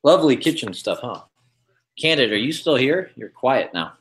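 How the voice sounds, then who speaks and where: A man hosting a casual livestream, rambling in a relaxed way with lots of fillers as he shows off his kitchen. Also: medium pitch, moderate pace. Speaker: livestream host. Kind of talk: casual chat, showing his kitchen pantry on stream.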